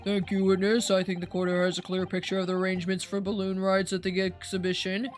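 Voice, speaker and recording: A woman voicing a formal old male judge from a video game, speaking in measured courtroom phrases. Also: medium pitch, completely flat delivery, a little hiss or hum, natural voice. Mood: stiff.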